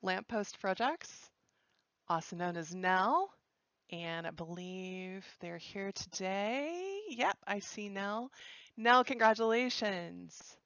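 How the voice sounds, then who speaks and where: A woman's voice: medium pitch, expressive, takes it slowly, a bit bright, dry recording, lo-fi sound. A woman hosting a live-stream results announcement in a chatty, joking way, correcting herself as she goes. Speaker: livestream host announcing results.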